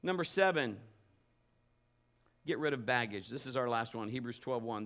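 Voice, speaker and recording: A man preaching a sermon as pastor, telling a humorous personal story in an animated way. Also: medium pitch, moderate pace, long pauses.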